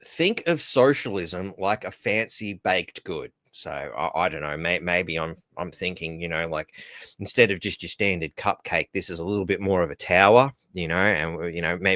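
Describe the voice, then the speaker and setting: A rambling Australian man hosting a casual solo podcast, with a fairly low voice recorded close and dry. He trips over his words, repeats himself and chuckles at his own jokes as he goes. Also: sharp tone, no echo. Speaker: podcast host.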